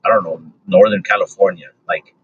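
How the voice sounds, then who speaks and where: Laid-back comedian guest, low-ish monotone voice, filler-heavy, slightly dull lo-fi audio. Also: male voice, a little fast, slightly rough. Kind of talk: casual podcast chat. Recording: dull lo-fi recording.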